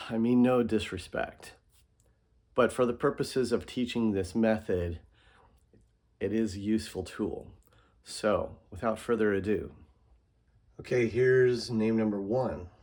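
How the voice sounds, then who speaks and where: Slow-talking man explaining a lesson. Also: on the low side. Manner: explanatory, relaxed, with fillers and asides. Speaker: instructor. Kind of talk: casual screen-recorded lesson.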